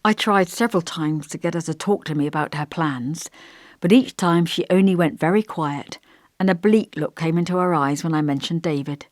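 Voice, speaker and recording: A woman narrating a novel as an audiobook in a measured, expressive reading. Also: deep voice, dry recording, studio quality.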